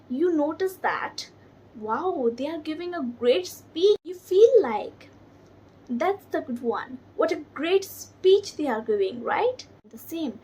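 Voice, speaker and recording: High-voiced woman English trainer. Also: dark tone, rough recording. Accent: Indian English. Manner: slow, deliberate delivery with demonstrative intonation. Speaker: English and soft skills trainer. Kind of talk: instructional talk to camera.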